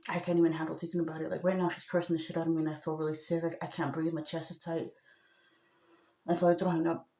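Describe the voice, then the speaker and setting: A woman talking to the camera in a rambling personal monologue, agitated, going from a low murmur to loud outbursts. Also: little pitch movement, fast talker, reverberant.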